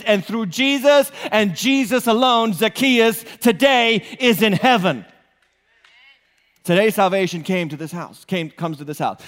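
A man preaching as lead pastor, animated and joking, often asking the congregation questions. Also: high-pitched, in a large hall. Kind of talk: sermon.

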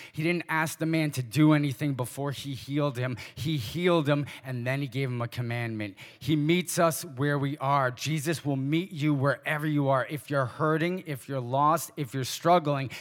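A male pastor preaching a sermon, asking the congregation pointed short questions and dropping into quiet asides. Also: mid-range voice, in a large hall.

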